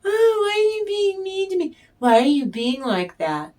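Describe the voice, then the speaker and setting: A woman's voice: very high voice, big pitch swings, normal speed, darkish tone, voice pushed up. A woman putting on the voice of a fake-concerned, whiny toxic person in a sing-song mocking tone.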